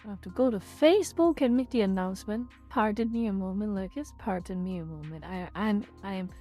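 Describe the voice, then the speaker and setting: A woman's voice: medium pitch, a little fast, few pauses, mellow, soft background music. A woman hosting a casual livestream, ranting in exasperation and repeating herself as she talks to her chat. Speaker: livestream host.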